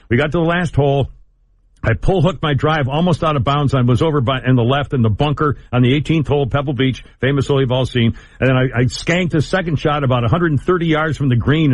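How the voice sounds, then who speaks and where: A man's voice: medium pitch, dry recording. A man hosting a call-in talk radio show, telling rambling stories and laughing easily.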